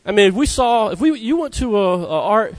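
A man with a high, lively voice preaches a conversational sermon at a slightly fast pace. He keeps calling out "Amen?" to his congregation.

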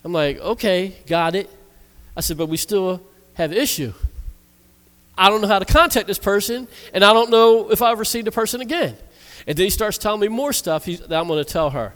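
Minister with a raised voice in a reverberant church. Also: male voice, high voice, fairly quick. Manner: lively storytelling, laughs and acts out quotes. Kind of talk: sermon with personal story. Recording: long reverb of a church hall.

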